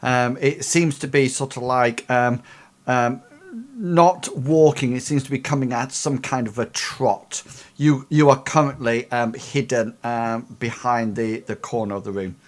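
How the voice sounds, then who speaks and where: A man narrating as game master of a tabletop game, halting with frequent ums. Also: medium pitch, fairly even intonation. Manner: halting, many ums and uhs.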